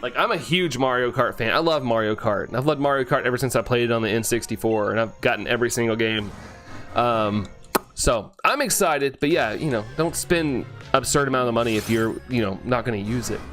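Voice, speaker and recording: Male streamer, mid-pitched, upbeat, quick and slurry at times, faint music behind. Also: a bit bright. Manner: greets viewers and answers chat, upbeat; talks fast, sometimes slurs and trips over words. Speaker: live streamer. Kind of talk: casual live-stream chat.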